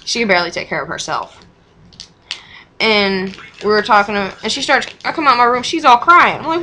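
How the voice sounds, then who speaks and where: A young mother with a drawl rambles through a personal story in casual, frank chat. Her voice is bright and forward at a middle pitch. A faint hiss sits under the recording. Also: expressive, moderate pace, low-quality recording. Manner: rambling and frank, with swearing and short laughs.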